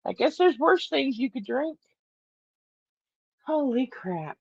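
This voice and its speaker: A woman's voice: high voice, big pitch swings, slow pace, gravelly, pauses often, breathy edge, no echo, dull audio. A woman hosting a casual morning livestream from her bedroom, rambling, laughing often and talking to her cat. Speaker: livestream host.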